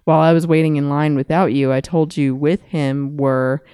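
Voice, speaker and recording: A woman co-hosts a podcast in relaxed, casual chat, with a smooth, clear voice. She rambles easily from thought to thought. The recording is dry and close. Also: low voice, moderate pace, dry recording. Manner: relaxed, rambling, with many fillers. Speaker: podcast co-host.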